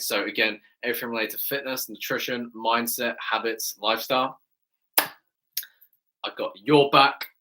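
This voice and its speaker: A man's voice: lowish voice, sharp tone. A man with an English accent, a fitness coach chatting enthusiastically with viewers on a live stream Q&A, often tagging his sentences with "right?".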